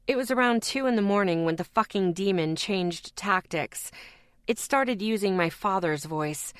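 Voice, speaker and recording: Slow, intense woman narrating an audiobook. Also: medium pitch, a bit bright, dry recording, studio quality. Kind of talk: first-person audiobook narration.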